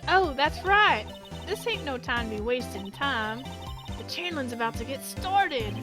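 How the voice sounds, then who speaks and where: A woman voicing a loud, pushy southern woman photographer with a brassy folksy drawl. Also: sits high, very animated, unhurried. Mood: brash. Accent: American Southern (put on). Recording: game music playing behind.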